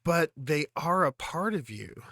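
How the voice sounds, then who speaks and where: Earnest man reacting with halting emotion. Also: a little high, expressive, sharp tone, dry recording, clean studio sound. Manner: earnest, halting, reflective with many fillers. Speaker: music reaction host. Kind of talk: casual reaction commentary.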